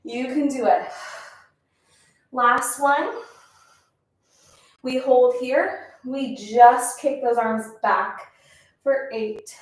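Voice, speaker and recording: Speaking very slowly with frequent pauses, a pilates instructor uses a high, steady voice to count reps and encourage the class. Slightly out of breath, she's heard through a mic placed at a distance in an echoing room.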